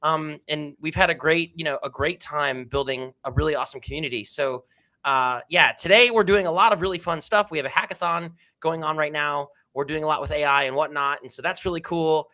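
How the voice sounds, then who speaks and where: A man's voice: a little high, brisk, sharp tone. An enthusiastic man, guest on a livestream, talking casually through a remote call microphone with lots of slang. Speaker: guest, NFT collection co-founder.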